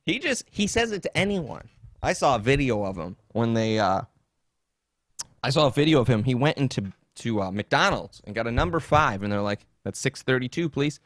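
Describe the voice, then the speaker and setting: A man's voice: mid-range voice, big pitch swings, normal speed, fairly bright tone, no room sound, clean studio sound. A man hosting a podcast on his own, talking in a profane, sarcastic, rambling way. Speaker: podcast host. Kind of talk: casual solo podcast monologue.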